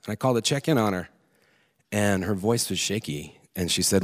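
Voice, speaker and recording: A man in his thirties telling a candid personal story on a theater stage, earnest and halting at times. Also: on the low side, lively intonation.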